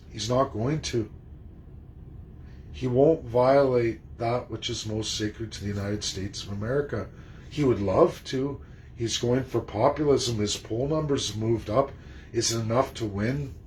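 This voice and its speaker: A man's voice: medium pitch, slight background noise, rough recording. A man delivering an emphatic, indignant political monologue, throwing rhetorical questions at his audience and swearing freely. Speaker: political commentator.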